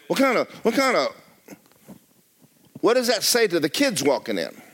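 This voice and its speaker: A man's voice: high-pitched, huge pitch swings, moderate pace, a bit bright. A man preaching a sermon as pastor of a church, talking straight to the congregation with joking asides.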